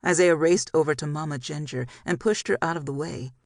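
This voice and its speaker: An audiobook narrator reading a dramatic romance novel in a measured storytelling style. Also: mid-range voice, no room sound, studio quality. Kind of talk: scripted narration.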